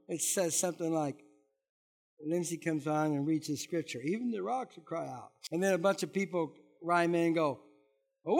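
A man's voice: high voice, fairly bright tone. A middle-aged male pastor giving a conversational sermon, wandering off on asides and asking the congregation questions.

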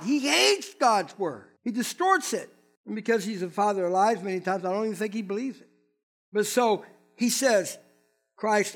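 A man preaching a Sunday sermon in a high-pitched voice. He talks animatedly and conversationally, throwing asides at the congregation. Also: normal speed. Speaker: pastor.

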